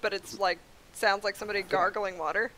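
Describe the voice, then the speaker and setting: A woman's voice: medium pitch, fairly even intonation, a little fast, bright, forceful tone, rough recording. A woman playing a tabletop game, giggling as she describes her character's actions. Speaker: player. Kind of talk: casual tabletop game chat.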